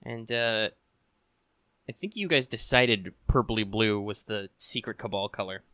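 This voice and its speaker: A man's voice: fairly low pitch, measured pace, no echo, clean studio sound. A man running a tabletop game as game master, casual and joking, with frequent fillers. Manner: relaxed and joking, with many fillers.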